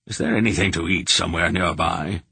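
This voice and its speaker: A man's voice: low voice, brisk, vocal fry, sharp tone, slightly rough, dry recording, full character voice. A man voicing an old grandfather sorcerer who speaks dryly and wryly. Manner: dry, wry.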